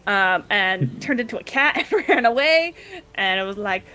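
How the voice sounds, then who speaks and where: A woman's voice: mid-range voice, expressive, moderate pace, pushed and bright. A woman casually recapping a tabletop game session, chatty and giggly, briefly acting out the party members' lines. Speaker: player recapping the previous session.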